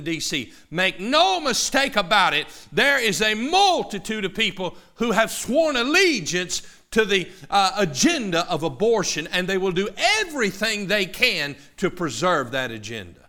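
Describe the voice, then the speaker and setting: Male pastor, sermon, slightly high voice, forceful, dramatic loud-to-quiet swings. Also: very animated, moderate pace, few pauses.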